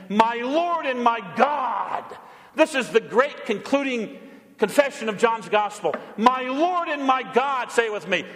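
A male pastor preaching a sermon, emphatic, moving between loud proclamation and quiet asides. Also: sits high, big-room sound.

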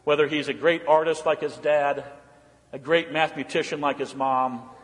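A man preaching a sermon as pastor in a church, blunt and emphatic, swinging from loud calls to hushed pleading. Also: a little high, steady tone, normal speed. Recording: church hall reverb.

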